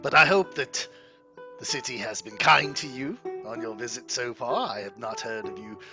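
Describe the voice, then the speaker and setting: A man voicing a pompous, falsely cheerful male baron who rules a town, loud and grand and curt with his wife. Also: medium pitch, moderate pace, music in the background, natural voice. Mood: grandly cheerful.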